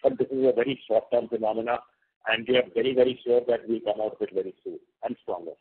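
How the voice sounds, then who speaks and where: Man, company executive, steady and reassuring, slightly husky, heard over a tinny conference line. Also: medium pitch, fast. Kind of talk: earnings call answers.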